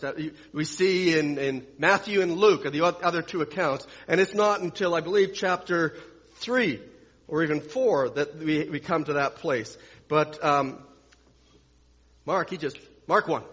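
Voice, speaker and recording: A man preaching a sermon, swinging from loud, emphatic lines to hushed ones and repeating phrases for emphasis. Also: fairly high pitch, husky. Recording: dull long-reverb hall sound.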